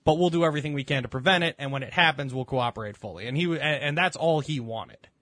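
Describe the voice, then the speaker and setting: A young man talks over a dry, close mic, his voice sitting a little high for a man. He tells his stories with plenty of swearing and animation, like a casual podcast co-host. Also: quick pace, dry recording. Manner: animated storytelling, swears a lot. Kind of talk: casual chat.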